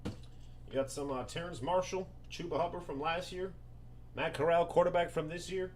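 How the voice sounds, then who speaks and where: A man hosting a live sports card break, reading off names and teams in quick bursts and joking with viewers between pulls. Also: fairly high pitch, steady tone, darkish tone, a little hiss or hum. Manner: rapid-fire listing of names and teams, hyped and joking.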